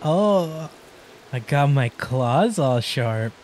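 A woman giving excited let's play commentary, gushing and giggling with lots of delighted exclamations. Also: a bass voice, extremely slow, a little hiss or hum, low-quality recording. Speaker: gaming YouTuber.

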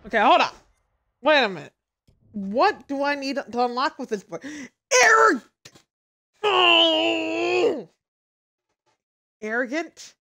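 A woman's voice: a little high, expressive, normal speed, long pauses. A woman streamer commentating a horror game as she plays, swearing a lot and laughing at her own mistakes. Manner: swings between loud shouted outbursts and muttering. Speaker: gaming streamer. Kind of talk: let's-play commentary.

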